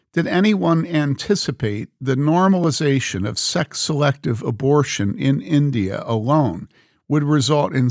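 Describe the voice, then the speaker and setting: A man reading a book aloud in a measured, earnest way, speaking the quote marks as he goes. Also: medium pitch, no room sound, clean studio sound. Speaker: reader.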